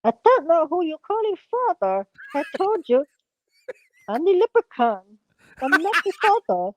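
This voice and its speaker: A woman voicing a boastful leprechaun with a put-on Irish accent, demanding gold and making gruff threats. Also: very high voice, very animated, a little slow, exaggerated voice. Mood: menacing. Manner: gruff, menacing banter. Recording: dull lo-fi sound.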